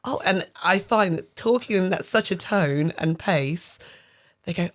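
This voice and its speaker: A woman's voice: lowish voice, expressive, moderate pace. A woman co-hosting a podcast, chatting casually in an upbeat way and laughing easily. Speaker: podcast co-host. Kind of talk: casual conversational chat.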